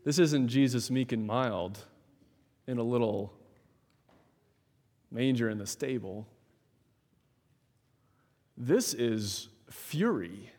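A man preaching a sermon in a measured, emphatic way, with dramatic pauses, in a large church hall. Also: mid-range voice, lively intonation, a little mellow. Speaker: pastor. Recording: long hall reverb.

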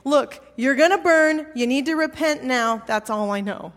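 A brash young man brushes off questions and warns of hellfire, as a woman preacher puts him on. The voice sits a bit high and rings in a big reverberant hall. He is impatient and dismissive. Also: moderate pace, fairly bright tone. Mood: pushy. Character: pushy young man handing out hellfire pamphlets.

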